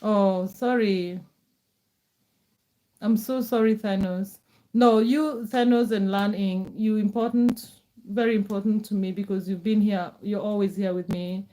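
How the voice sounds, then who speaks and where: A woman's voice: mid-range voice, steady tone, measured pace, warm tone. Chatty middle-aged woman from Kenya. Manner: chatty, reassuring, repeats words. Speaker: live streamer. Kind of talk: casual live-stream chat reading comments.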